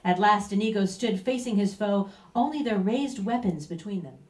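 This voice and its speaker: A woman's voice: mid-range voice, animated, normal speed, a little mellow. A woman telling a comic story aloud in a theatrical, playful narrating manner. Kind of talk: comic live story reading. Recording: roomy, distant mic.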